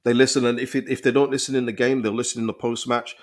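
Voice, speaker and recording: A young man hosting a casual football live stream, reading viewers' comments and reacting with animated, restart-filled talk. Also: medium pitch, fast. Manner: animated, thinks aloud with frequent restarts and repeated words. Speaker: football channel host reading live chat.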